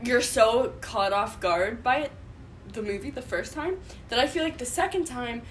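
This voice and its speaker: A woman's voice: fairly high pitch, lively intonation, normal speed, a little hiss or hum. Chatty young woman with hiccups. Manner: chatty, heavy use of "like". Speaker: podcast guest. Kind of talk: casual chat.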